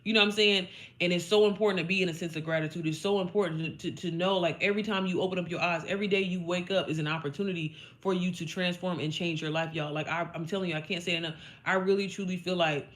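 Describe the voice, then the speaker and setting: A woman's voice: on the low side, fairly even intonation, fast. A young woman from Indiana giving a blunt, profane, emphatic motivational talk to her followers, chatty and full of fillers. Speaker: online business coach.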